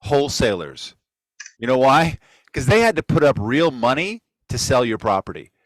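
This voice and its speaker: Emphatic man on his high horse. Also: big pitch swings, normal speed, no room sound, low-quality recording. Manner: emphatic, preachy opinions. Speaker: podcast host. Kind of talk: casual webinar talk.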